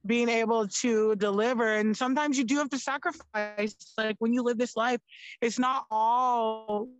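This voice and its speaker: A woman's voice: on the high side, fairly even intonation, moderate pace, dry recording, low-quality recording. A young woman, a podcast guest, chatting casually and animatedly, with lots of "like" and free swearing. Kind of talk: casual chat.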